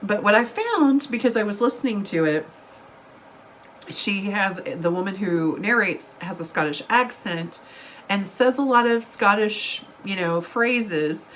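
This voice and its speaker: A woman's voice: medium pitch, lively intonation, measured pace, fairly bright tone, slight background noise, low-quality recording. A woman, a book vlogger chatting casually to camera over coffee, rambling and giggling, still getting over an illness. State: recovering from illness.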